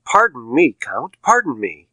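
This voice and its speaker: A man's voice: medium pitch, sing-song, unhurried, sharp tone, no echo, exaggerated voice. A man voicing an anxious, proud wealthy male banker who pleads and stammers. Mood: flustered.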